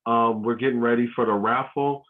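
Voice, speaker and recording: A man's voice: mid-range voice, steady tone, brisk. A man hosting an online family workshop for a school, talking casually with many ums and restarts. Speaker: host of a school family learning session. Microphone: video call. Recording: tinny phone-like video call audio.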